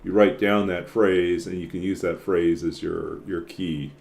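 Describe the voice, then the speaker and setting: A man's voice: sits low, fairly even intonation, measured pace, gravelly, a little mellow. A man streaming a game and chatting casually, rambling with lots of filler words and frequent chuckles. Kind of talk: casual chat while playing.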